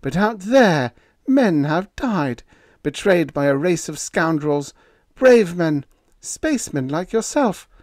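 A man voicing a brisk, imperious young wife in a high, raised voice with a bossy, clipped manner. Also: sing-song, a little mellow, no room sound, clean studio sound.

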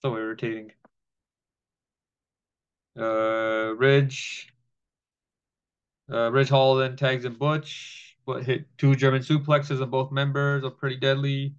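A man recaps a wrestling episode in a relaxed, offhand way, dropping profanity and reciting lines as he goes. His voice is smooth and clear but stays fairly flat in pitch. The recording sounds a little muffled and lo-fi. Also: slow, pauses often. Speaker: wrestling show reviewer. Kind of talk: casual show recap.

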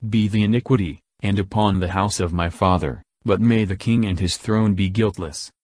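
A man voicing a widow who pleads before a king, in a measured scripture reading, low and dry. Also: darkish tone, no echo. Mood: pleading.

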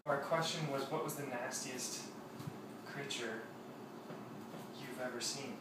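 A man's voice: mid-range voice, steady tone, slow pace. A man co-hosting a vlog in casual, playful banter with his partner. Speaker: vlog co-host. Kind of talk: casual chat. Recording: echoey room, camera at a distance, noisy.

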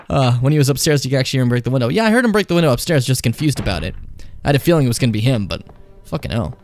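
A man's voice: medium pitch, sing-song, quick pace, pauses often, darkish tone. A young man playing a horror game on stream, chatting casually, swearing a lot and taunting the enemy. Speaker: let's play streamer.

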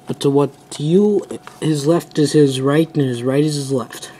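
A man's voice: a little high, fairly even intonation, moderate pace, dark tone, a little hiss or hum. A teenage boy casually reviewing toys, rambling and trailing off as he talks. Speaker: toy reviewer.

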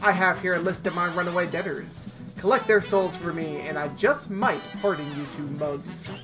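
A gamer reading a game's story aloud and voicing the devil, a menacing male casino owner, in a slow, gloating, lowered voice, with game music behind. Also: natural voice.

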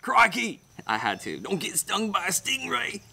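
A man putting on a mock Australian accent to play a brash, jokey outback fitness coach who barks loud, bossy orders. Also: sits high, huge pitch swings, moderate pace, vocal fry, slightly rough, pitched above the performer's own voice, exaggerated voice. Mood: bossy teasing.

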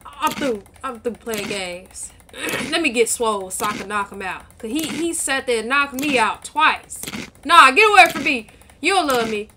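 Woman gaming, high lively voice, bragging and trash talking, keyboard clicks behind. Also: moderate pace, background noise. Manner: playful, boastful trash talk. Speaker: gaming channel co-host. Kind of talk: casual gameplay commentary.

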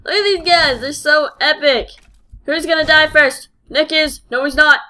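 A woman giving live gameplay commentary as host of her channel, excitable, exclaiming and poking fun at herself as she plays. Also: high voice, normal speed. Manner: excitable, exclaiming and self-mocking.

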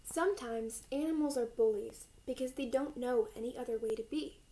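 A woman voicing a kind, loving mother raccoon in a children's storybook, speaking gently and soothingly. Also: fairly high pitch, normal speed, close to an everyday voice, rough recording.

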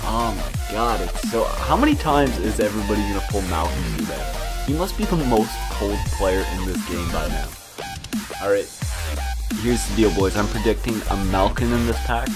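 A young man commenting on a video game pack opening, excitable and swearing, bursting into loud high-pitched reactions. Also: moderate pace. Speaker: gaming YouTuber. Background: electronic dubstep music.

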